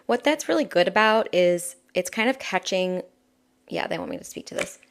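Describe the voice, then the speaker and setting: A woman giving a live-streamed spiritual oracle reading, talking softly and chattily with many fillers and asides. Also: lowish voice, lively intonation, normal speed.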